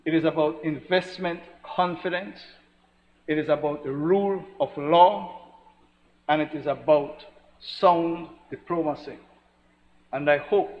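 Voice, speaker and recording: Slow, emphatic Belizean man in a senate chamber. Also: on the high side. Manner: measured, emphatic, repeats formal address. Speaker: senator presenting a resolution. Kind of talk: formal parliamentary speech. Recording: lo-fi recording with long hall reverb and faint noise.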